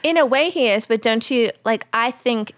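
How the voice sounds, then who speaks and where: A young adult woman co-hosting a casual Bible discussion podcast, telling the story with lively put-on voices for the people in it. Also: a little high, moderate pace, dry recording, clean studio sound. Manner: animated storyteller, acts out voices in quotes. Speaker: podcast co-host.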